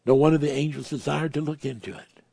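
A man preaching a sermon, moving between hushed, reverent asides and emphatic, raised passages as he quotes and explains scripture. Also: on the high side, fairly even intonation, fast talker, vocal fry, breathy edge, dry recording.

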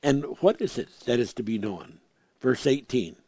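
A man preaching a sermon, emphatic, repeating words for stress, reading scripture slowly and swinging from loud proclamations to quiet asides. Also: mid-range voice, expressive, breathy edge, no room sound, clean studio sound.

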